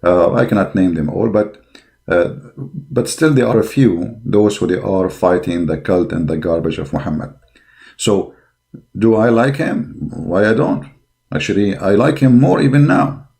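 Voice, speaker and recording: A man's voice: on the low side, a little slow, gravelly, darkish tone. A man giving a combative religious monologue, blunt and scornful, speaking emphatic English with broken grammar. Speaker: religious polemic commentator.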